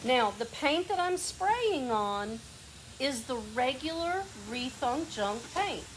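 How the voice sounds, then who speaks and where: In a workshop, a woman with a lazy Southern drawl hosts a hands-on painting demo, chatting and coaching a helper as she works. Her voice sits high and sing-song, and she speaks slowly over background noise.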